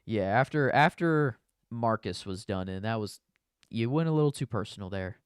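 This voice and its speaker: A man co-hosting a podcast in a relaxed, rambling chat, often circling back with "you know". His voice is smooth and clear. The sound is dry and close, with no room around it. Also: on the low side, normal speed, dry recording. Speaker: podcast co-host. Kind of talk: casual movie discussion.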